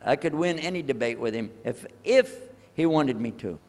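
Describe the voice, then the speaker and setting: An older male religious speaker telling a personal story to an audience, acting out the dialogue with lively changes of voice. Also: medium pitch, normal speed, big-room sound. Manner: animated storyteller who acts out the dialogue.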